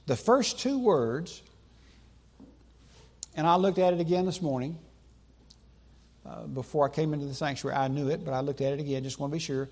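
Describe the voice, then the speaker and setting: A man preaching a sermon in a church sanctuary, emphatic, with slow deliberate pauses and repetition for stress. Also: on the high side, darkish tone. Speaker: pastor.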